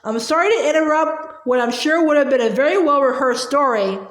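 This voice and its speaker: A woman's voice: high voice, brisk, close to an everyday voice. A woman reading aloud and voicing a pompous, impatient middle-aged male minister in a lofty, dismissive manner. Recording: roomy echo.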